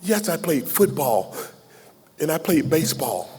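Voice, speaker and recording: A man's voice: on the high side, sing-song, unhurried, darkish tone, husky. Heartfelt man speaking in a reverberant hall. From Southern United States. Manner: heartfelt, folksy and joking, pours his heart out. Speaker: keynote speaker. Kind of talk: emotional speech at a gala, taking audience questions. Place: large banquet hall. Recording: long hall reverb from a ballroom PA.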